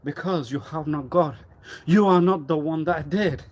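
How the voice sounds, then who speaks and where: A man rambling on a live stream, repeating himself and swinging suddenly between loud and quiet. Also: fairly high pitch, normal speed, a little hiss or hum. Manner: erratic, repetitive, with sudden swings in loudness. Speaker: livestreamer.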